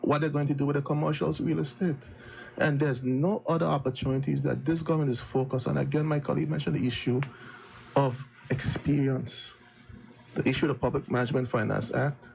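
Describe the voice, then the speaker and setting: A man with a gravelly voice delivers a critical political speech at a live event. He talks earnestly and often restarts his phrases. The recording has a muffled, lo-fi quality. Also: mid-range voice, fairly even intonation, fairly quick, a little mellow. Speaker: opposition politician. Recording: dull lo-fi sound.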